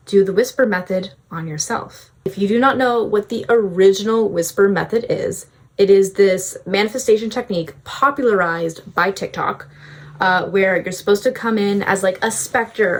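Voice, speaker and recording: A young woman vlogging self-help advice in a casual, breezy way, often saying "like". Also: mid-range voice. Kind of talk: self-help vlog talk.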